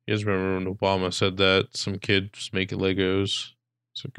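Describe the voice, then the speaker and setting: A man's voice: completely flat delivery, fairly quick, a bit bright, smooth, no echo, studio quality. A man hosting a casual comedy podcast, joking with friends and slipping into silly impressions. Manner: jokey, slips into high-pitched impressions.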